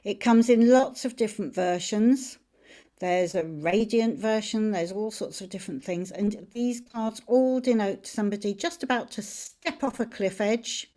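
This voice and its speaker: A woman's voice: mid-range voice, a little slow, dark tone. A woman teaching tarot in a friendly, chatty way, explaining each card as she shows it. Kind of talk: informal teaching on camera.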